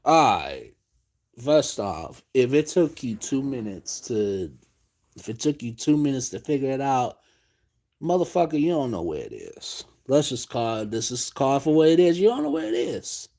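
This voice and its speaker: A man's voice: mid-range voice, wildly swooping pitch, normal speed, creaky, a little mellow. A man hosting a late-night live stream, ranting in a profane, exasperated way.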